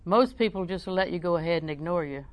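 This woman talks fast in a lowish voice while delivering a folksy sermon. Her personal stories come out funny and conversational, and she alternates quiet asides with loud, emphatic stretches of preaching.

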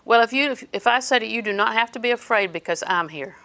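A woman's voice: on the high side, fast talker, bright, forceful tone. A woman preaching a sermon in an earnest storytelling way, quoting scripture as she goes.

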